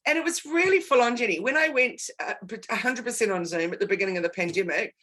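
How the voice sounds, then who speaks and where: A woman's voice: on the high side, animated, fast talker, a bit bright. A woman consultant talking candidly in a casual conversation, stressing points by repeating words. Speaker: guest and business consultant.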